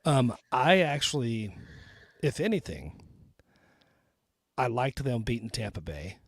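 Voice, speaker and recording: A man's voice: medium pitch, very animated, slow pace, dry recording, studio quality. A man from Texas hosting a comedy podcast, talking bluntly and with plenty of swearing. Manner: blunt, profane, emphatic. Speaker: podcast host. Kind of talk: casual comedy podcast chat.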